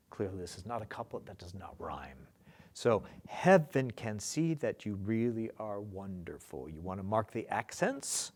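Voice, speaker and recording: A man's voice: medium pitch, measured pace. A man teaching a lesson on lyric scansion, chanting stresses and rhythms aloud as he marks them. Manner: lively, sing-song demonstration of rhythms.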